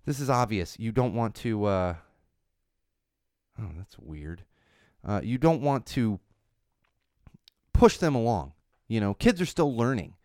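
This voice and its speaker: A man's voice: on the low side, expressive, a little slow, long pauses, a little mellow, no echo, studio quality. A man in his thirties hosting a parenting talk, emphatic and repetitive, with many fillers and restarts. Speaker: parenting podcast host. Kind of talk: casual solo talk.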